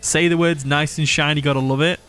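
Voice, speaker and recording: A man's voice: on the high side, steady tone, a little fast, fairly bright tone, faint music behind. A young man from England, giving casual live commentary on a game, reading chat aloud and laughing often. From Nottinghamshire, England. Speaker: streamer.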